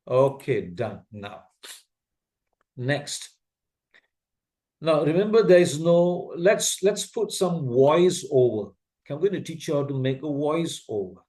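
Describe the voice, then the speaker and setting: A man's voice: medium pitch, a little mellow. A man with an Asian English accent teaching a video-editing class step by step, patiently repeating his steps and often checking whether his learners can follow. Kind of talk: slow step-by-step software tutorial.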